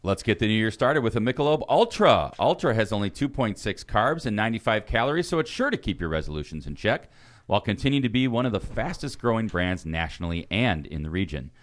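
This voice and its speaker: A man co-hosting a podcast, reading sponsor ads in a lively, casual way. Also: lowish voice, fast. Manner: lively, laughs between reads. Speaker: podcast co-host.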